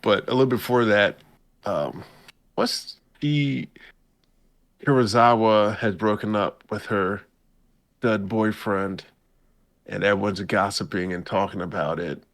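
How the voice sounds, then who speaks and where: Deep gravelly man recapping anime. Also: a little slow, long pauses. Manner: laid-back, slangy, acts out the characters' lines. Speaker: podcast host recapping an anime episode. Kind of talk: casual chat.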